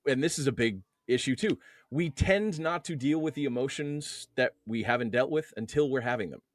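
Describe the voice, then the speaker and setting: A man's voice: mid-range voice, moderate pace, no room sound, studio quality. A man speaking as a guest in an interview, a coach on men's emotions, who explains his ideas with everyday analogies and lifts his voice on key words. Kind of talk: conversational interview.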